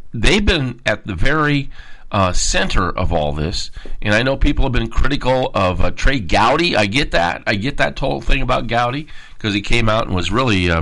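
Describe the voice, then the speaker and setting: A man's voice: lowish voice, poor audio. A man hosting a political commentary show, emphatic and heated, pushing his voice hard when worked up. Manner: emphatic, rising to near-shouts when worked up. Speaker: talk show host.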